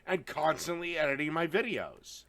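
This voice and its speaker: A man with a soft Southern US accent, ranting angrily and crudely in video commentary. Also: fairly high pitch, sing-song, moderate pace, gravelly. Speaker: online commentator in played clips.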